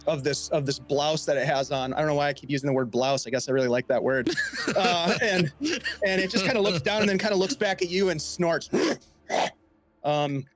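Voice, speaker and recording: A man with a fairly high, bright voice runs a tabletop game as game master, narrating briskly but rambling with many fillers. Soft music plays in the background.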